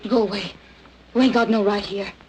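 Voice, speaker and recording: A woman's voice: medium pitch, steady tone, brisk, a little mellow, a little hiss or hum, close to an everyday voice, poor audio. An actress playing a bitter, distrustful young Southern woman in a 1940s film, curt and resentful.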